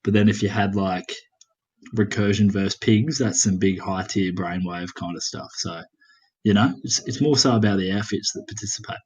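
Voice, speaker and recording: This is a man from Portugal, heard over a voice call as a guest on a gaming stream. His voice sits a little low, and his speech is loose and rambling, full of slang, fillers and the occasional swear. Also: fairly even intonation, normal speed, a little mellow, breathy edge, rough recording. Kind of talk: casual voice chat.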